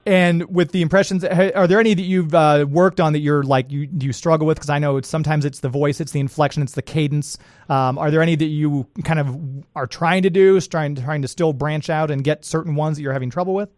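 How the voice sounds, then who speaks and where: A Scottish man hosts the interview, asking long, enthusiastic questions. His voice sits a little higher than most men's. The sound is dry and close, with no room around it. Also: fairly even intonation, fairly quick, a little mellow, dry recording. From Scotland. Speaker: radio host.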